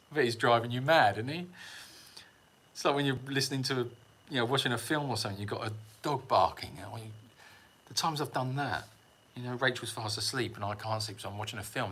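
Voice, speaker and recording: A man's voice: medium pitch, pushed and bright. A middle-aged man hosting a casual livestream, rambling and self-mocking, reading out viewer comments and chuckling often. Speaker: sanctuary livestream host.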